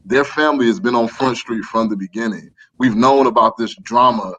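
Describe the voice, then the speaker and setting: A man's voice: medium pitch, fairly quick, a bit bright, poor audio. Casual man rambling in slang. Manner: loose, rambling, hedging street slang. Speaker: podcast co-host. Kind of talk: casual chat.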